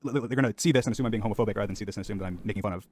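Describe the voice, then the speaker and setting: A man rattles through a defensive explanation at a very fast pace. He restarts sentences often and fills gaps with ums, in a casual monologue. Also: on the low side, darkish tone. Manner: rushed, self-defending, many restarts and ums. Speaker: content creator in a played clip.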